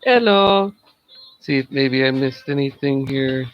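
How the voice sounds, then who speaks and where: A man's voice: mid-range voice, a little slow, gravelly, dull audio, a little hiss or hum. A man giving a casual solo review of a wrestling show, chatty and laughing at his own jokes.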